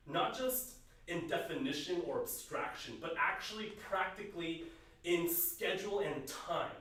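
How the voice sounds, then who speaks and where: A man preaching a youth sermon in earnest, asking his listeners questions and swinging between loud emphasis and quiet, hushed lines. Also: on the high side, lively intonation, a little slow. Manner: asks the listeners repeated questions. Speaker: youth pastor. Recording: very echoey room, voice from some distance.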